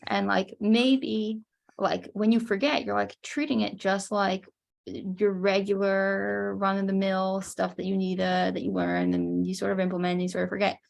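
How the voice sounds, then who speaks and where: A woman's voice: mid-range voice, flat delivery, moderate pace, gravelly. A woman student offering an idea in class, tentative and full of "like" fillers. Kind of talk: casual class comment.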